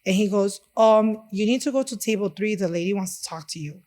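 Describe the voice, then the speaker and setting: Woman, chef, from Chicago, conversational storyteller, acts out dialogue, medium pitch. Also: a little fast. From Chicago, United States. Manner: animated, acts out dialogue in her stories. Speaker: chef and restaurant owner.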